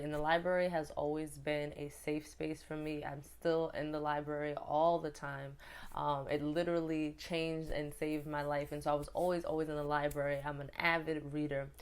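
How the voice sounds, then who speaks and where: Low-voiced woman vlogger, casual storytime, animated and rambling. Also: smooth. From New York. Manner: chatty, animated retelling with many fillers.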